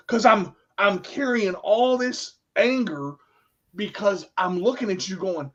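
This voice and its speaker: A man's voice: sits high, expressive, unhurried, a bit bright. A middle-aged man, a radio host, telling a personal story in casual talk. He is emotional and repeats himself, often restarting his sentences. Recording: dull lo-fi sound.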